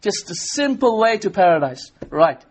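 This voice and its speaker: A man giving an Islamic sermon, animated, acting out little dialogues in his story. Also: high voice, moderate pace. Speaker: Islamic preacher.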